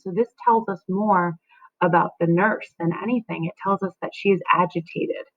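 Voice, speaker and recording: A woman's voice: mid-range voice, normal speed. A woman teacher explaining a play to students, often checking in with "right?" and "okay?". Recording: phone-like lo-fi audio.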